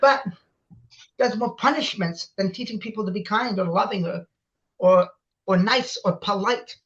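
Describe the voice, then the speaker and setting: A man's voice: high-pitched, normal speed, a bit bright. Passionate young man, dull lo-fi audio. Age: 20s. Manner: passionate, insistent, repeats phrases. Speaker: interview guest. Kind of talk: emotional conversational interview.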